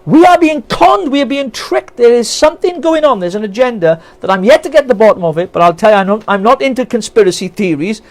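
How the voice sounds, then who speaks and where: A man's voice: sits high, expressive, fast, few pauses. A Welsh man, a political campaigner, ranting with passion and indignation on a live stream, firing off rhetorical questions. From Wales. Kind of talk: impassioned live-stream rant.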